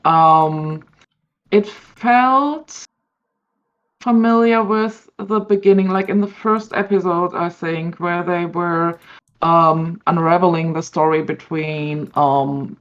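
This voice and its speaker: A woman on a fan panel, speaking thoughtfully and hesitantly with many pauses and fillers. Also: fairly low pitch, fairly even intonation. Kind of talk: casual panel discussion. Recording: dull lo-fi stream audio.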